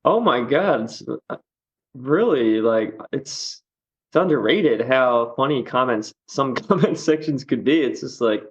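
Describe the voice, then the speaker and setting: A man's voice: medium pitch, animated, unhurried, lo-fi sound. A man chatting as a podcast guest, rambling with lots of fillers and easy laughs. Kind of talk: casual podcast chat.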